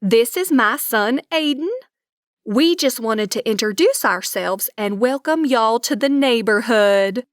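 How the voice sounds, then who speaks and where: A woman's voice: on the high side, animated, a little slow, dry recording, studio quality. Woman doing a bubbly drawling Texan neighbor lady. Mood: friendly.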